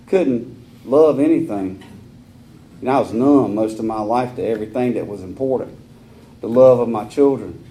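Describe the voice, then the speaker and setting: A man in his forties with a Southern US accent, speaking at a recovery meeting in a folksy, rambling way with rough humor. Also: mid-range voice, dark tone, slight background noise. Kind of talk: personal recovery talk.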